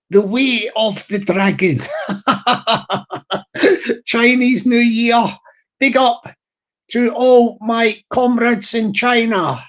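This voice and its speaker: A live stream host with a Scottish accent chats casually and playfully with viewers, rambling through effusive shout-outs and chuckling often. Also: medium pitch, lo-fi sound. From Scotland.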